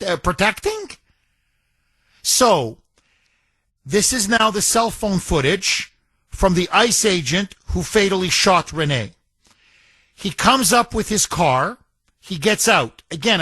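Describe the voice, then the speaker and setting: A man's voice: high-pitched, pushed and bright, no room sound. A man hosting a talk radio show, delivering an indignant, emphatic monologue and repeating phrases for effect.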